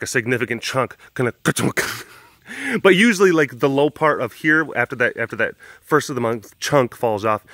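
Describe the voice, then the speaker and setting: A man's voice: medium pitch, no room sound. A young man vlogging casually from an animal sanctuary, rambling with lots of fillers. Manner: rambling, lots of fillers, drops to a soft coo when talking to the cats. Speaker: big cat sanctuary vlogger. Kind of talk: casual chat to camera.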